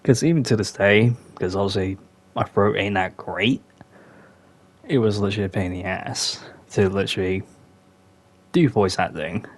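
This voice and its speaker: A man's voice: lowish voice, normal speed, pauses often. A young man hosting a podcast, chatting casually and rambling with many fillers. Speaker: podcast host.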